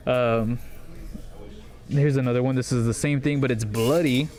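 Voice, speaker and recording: A man's voice: mid-range voice, steady tone, moderate pace, darkish tone, soft background music. A man hosting a casual comic shop rundown, talking in a rambling, enthusiastic way with lots of fillers. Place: comic book store.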